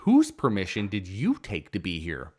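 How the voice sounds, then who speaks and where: A man's voice: sits low, wildly swooping pitch, normal speed, a little mellow, full character voice. A man voicing a stern, exasperated woman homeowner in a story reading. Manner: firm, exasperated.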